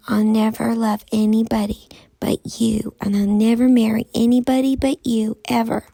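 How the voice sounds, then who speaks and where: A woman's voice: mid-range voice, vocal fry, a little mellow, no echo. A woman voicing a prim young schoolgirl in a read-aloud storybook, with a lilting, raised voice.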